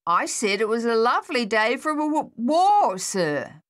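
A woman's voice: mid-range voice, expressive, slow pace, pitched above the performer's own voice. A woman voicing a shy young male soldier who stammers, raising her voice well above her own. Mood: halting. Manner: stutters on words.

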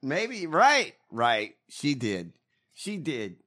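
Male co-host, casual politics chat, mocking and crude, with an animated, swinging pitch. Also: normal speed. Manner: profane, mocking, heckling. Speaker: podcast co-host.

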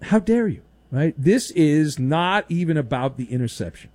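Sarcastic high-voiced sports radio host. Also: male voice, lively intonation, moderate pace, a little mellow, dry recording. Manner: sarcastic, mocking with exaggerated put-on voices. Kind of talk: opinionated sports talk monologue.

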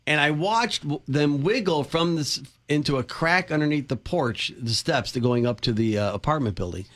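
A man's voice: a little high, animated, moderate pace, fairly bright tone. A middle-aged man from the Chicago area, co-hosting a casual chat and telling rambling, self-deprecating anecdotes. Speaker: co-host.

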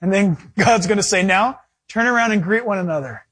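A male pastor preaching a sermon, animated and acting out little dialogues. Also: high-pitched, a little fast, very noisy.

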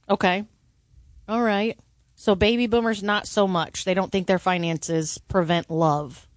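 A woman's voice: mid-range voice, fairly even intonation, measured pace, no room sound. A woman at a radio show's news desk reading a survey story and answering the hosts with short reactions. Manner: plain, brief reactions. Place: radio studio. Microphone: studio microphone.

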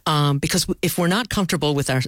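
A woman's voice: deep voice, fast, dry recording, clean studio sound. A middle-aged woman who works as a palliative care clinician, speaking as an interview guest and telling stories with earnest animation. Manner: earnest storyteller, animated, acts out quoted voices.

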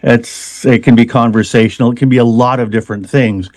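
A man's voice: mid-range voice, steady tone, brisk, a little mellow, no echo. A man answers interview questions about his practice as a hypnotist. He explains patiently but stumbles through fillers and restarts, often repeating words before he finds his point. The sound is dry and close. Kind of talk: conversational interview.

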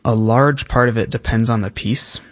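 A teenage male percussionist answering interview questions in a relaxed, thoughtful way, with frequent fillers. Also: medium pitch, moderate pace, dry recording. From South Carolina, US. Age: teens. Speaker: young percussionist guest.

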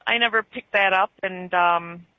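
A woman's voice: medium pitch, normal speed, no room sound. Chatty Upper Midwest woman on a muffled call-in line. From Wisconsin. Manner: chatty, rambling with restarts. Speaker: caller. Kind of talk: casual call-in chat.

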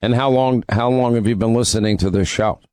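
A radio talk show host with a medium-pitched, darkish voice speaks briskly, with no room sound, while hosting a call-in show. He is combative, needling and arguing with a caller.

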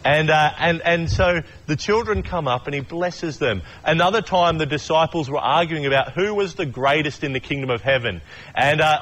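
A man's voice: fairly high pitch, fairly bright tone. A man giving a casual sermon, chatty and joking, acting out quotes and often restarting his sentences. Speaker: preacher.

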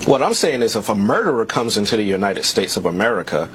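A man's voice: fairly low pitch, big pitch swings, quick pace, a bit bright, a little hiss or hum. Insistent man in a TV interview. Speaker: political candidate guest. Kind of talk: televised interview.

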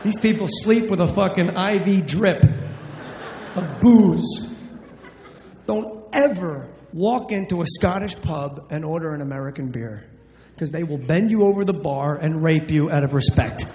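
A man's voice: fairly high pitch, unhurried, darkish tone. A man from New Jersey doing brash, profane stand-up comedy on stage. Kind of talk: stand-up storytelling. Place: comedy stage in a large hall. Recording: echoey live hall, faint noise.

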